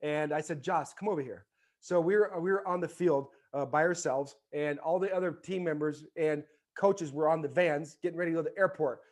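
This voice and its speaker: A man in his forties, once a baseball player, is a podcast guest telling a story in easygoing conversation and animatedly mimicking its characters. He speaks a little high and a little fast.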